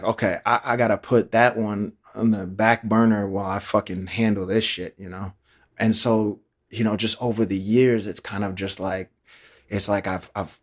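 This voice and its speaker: A man being interviewed, speaking candidly in a halting, profane way as he searches for words. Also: on the low side. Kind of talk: candid personal recollection.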